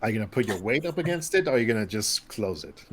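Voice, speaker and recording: Rambling low-voiced male game master. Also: big pitch swings, fast, a bit bright, husky. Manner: loose, rambling with many restarts and fillers. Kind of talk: running a tabletop game.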